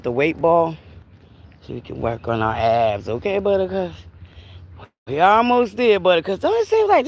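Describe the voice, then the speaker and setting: Chatty woman on a lively walk. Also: on the low side. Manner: chatty, animated, laughs often, talks to viewers as Buttercups. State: a bit winded from walking in the heat. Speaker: livestream host. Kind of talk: casual walking livestream chat. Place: outdoors on a walk by a river.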